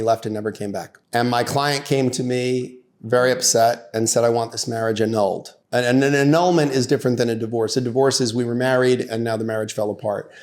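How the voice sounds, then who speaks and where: A middle-aged man, a divorce attorney and podcast guest, telling an animated courtroom anecdote in casual talk, his voice rising for the punchlines. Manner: lively storyteller, rises in pitch and volume for punchlines; conversational, many "like" and "you know" fillers.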